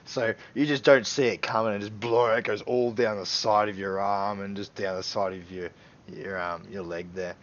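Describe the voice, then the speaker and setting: A man's voice: on the low side, normal speed. A man running a tabletop game as dungeon master, narrating scenes with laughter. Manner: animated storytelling with laughs. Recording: dull lo-fi stream audio.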